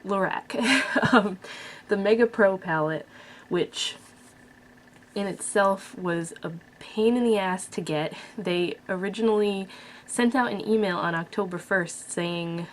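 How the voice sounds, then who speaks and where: A woman's voice: medium pitch, takes it slowly, slight background noise. A woman vlogger casually reviewing a makeup palette, chatty and blunt with frequent fillers. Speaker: beauty vlogger.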